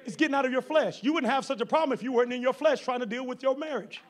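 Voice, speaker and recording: High pitched preacher guy, folksy and fired up, yells when he gets going. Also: rapid-fire. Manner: fiery, folksy preaching that climbs to shouts. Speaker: pastor. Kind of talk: sermon.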